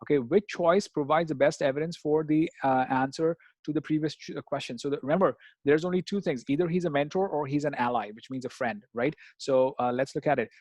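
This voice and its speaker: A man's voice: on the high side, fairly even intonation, a little fast, few pauses, a little mellow, no room sound. A man tutoring students through test answers in a casual walkthrough, often checking in with "right?" and "okay?". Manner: hesitant, many fillers and restarts.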